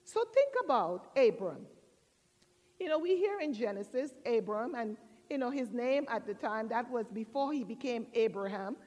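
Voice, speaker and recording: A woman pastor preaching a sermon, telling stories with drawn-out, expressive emphasis. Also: on the high side, dull audio. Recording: long church reverb.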